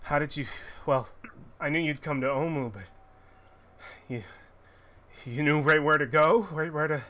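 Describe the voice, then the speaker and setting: A man's voice: a little slow, bright, forceful tone. A man voicing a tearful, overjoyed father reunited with his daughter, stammering and choked up. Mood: flustered. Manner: choked-up, stammering, high and strained.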